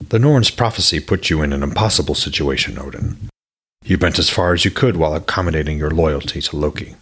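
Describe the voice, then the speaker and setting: A man voicing a calm, wise old uncle god. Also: a bass voice, fairly quick, slightly rough. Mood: thoughtful.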